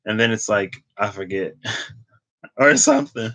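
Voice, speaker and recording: A male tarot reader with a lowish voice and fairly bright tone speaks unhurriedly during a casual reading to camera. Easygoing and quick to laugh at himself, he thinks out loud in a rambling way, with plenty of "like" and restarts.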